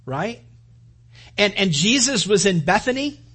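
Husky-voiced man preaching conversationally. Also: sits high, very animated, measured pace, fairly bright tone. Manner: conversational storytelling, acts out quoted lines. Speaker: pastor. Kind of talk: sermon.

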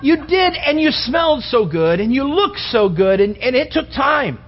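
A middle-aged man preaching a humorous sermon, acting out little scenes in quieter voices. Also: very high-pitched, very animated, measured pace. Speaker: pastor. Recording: dull sound with long reverb in a hall.

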